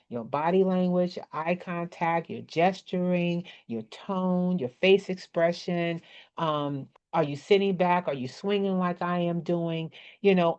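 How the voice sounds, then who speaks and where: Speaking on the low side with a darkish tone, this woman from the Maryland area has a slight country twang. She teaches speaking skills in a casual workshop, chatting and coaching while frequently asking "okay? right?" The recording comes from a desk microphone with webcam at a computer indoors and sounds dull and lo-fi.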